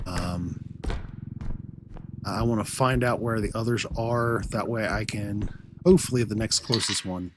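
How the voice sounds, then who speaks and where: A man's voice: medium pitch, background noise. A man streaming live gameplay, chatting and talking to himself as he plays. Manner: chatty, talks to himself while playing.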